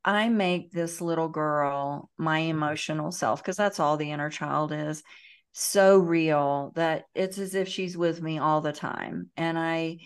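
A woman's voice: low voice, a little slow, clear, resonant tone. A woman guest in a casual interview, talking earnestly with many fillers and restarts over a video call. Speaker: guest, emotional healing educator.

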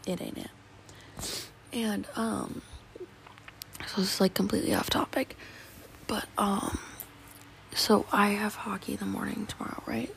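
A woman's voice: mid-range voice, gravelly, a little hiss or hum, low-quality recording. A teenage girl, rambling casually in a teary, sniffly voice and often half-whispering. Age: teens. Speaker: vlogger.

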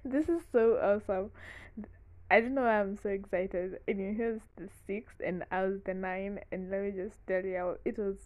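A young woman talking frankly in casual chat, excitable and quick to burst into laughter, swearing freely. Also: medium pitch. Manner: frank and profane. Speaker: vlogger.

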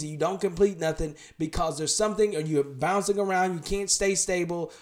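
A man preaching a podcast sermon, firing direct questions at the listener and dropping to a hushed, tender voice. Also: high voice.

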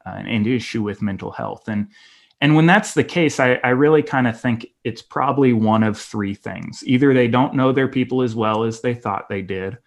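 A man's voice: medium pitch, creaky. A male pastor giving a conference talk, candid and personal, with frequent fillers and restarts. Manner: halting, many fillers and restarts.

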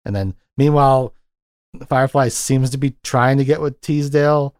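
A man's voice: mid-range voice, fairly even intonation, normal speed, a little mellow, clean tone, no echo, clean studio sound. A man co-hosting a casual film discussion, rambling and retelling scenes with lots of fillers. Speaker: podcast co-host. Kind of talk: casual chat.

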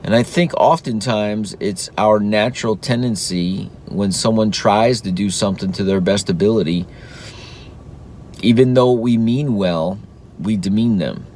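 A man in his thirties talks casually about raising his son, earnest and encouraging. His voice sits a little low. A faint low rumble stays under the recording. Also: a little slow, darkish tone. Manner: earnest and encouraging, acts out sing-song praise to his toddler. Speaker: podcast host, father. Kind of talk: casual reflective talk.

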